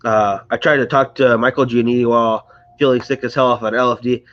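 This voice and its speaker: His mid-range voice stays steady and brisk with a touch of brightness as he chats and rambles on a casual stream, welcoming viewers despite sounding congested and unwell. Audio is dull, taken from a mic near a screen or phone.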